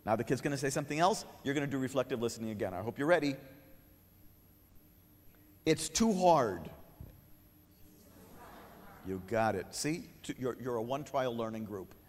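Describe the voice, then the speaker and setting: A man's voice: mid-range voice, rapid-fire, hardly any pauses. A man giving a conference lecture, joking with the audience and acting out a kid's replies. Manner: humorous, animated, acts out a kid's lines. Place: conference hall. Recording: long hall reverb.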